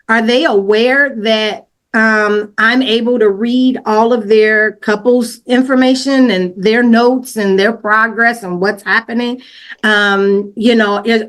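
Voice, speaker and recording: A woman telling her own story as a podcast guest, casual and slangy, acting out what she said back then with lots of fillers and restarts. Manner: animated retelling, acts out her own quoted lines louder and higher.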